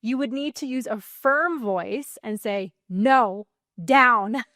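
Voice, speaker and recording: A woman sleep coach teaching calming techniques in a soothing, gently firm way, with light laughs between points. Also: a little high, a little slow, no room sound, clean studio sound. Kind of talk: calm self-help teaching to camera.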